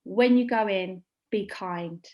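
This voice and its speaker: A woman, a makeup artist, talking casually in an interview, blunt and animated, swearing freely and acting out quotes as she tells stories. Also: mid-range voice, slow pace.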